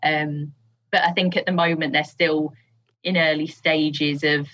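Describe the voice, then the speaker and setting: A woman's voice: sits low, little pitch movement, measured pace, fairly bright tone, highs cut off. A woman guest on a podcast, chatting casually with lots of fillers and frequent laughs. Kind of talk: casual chat.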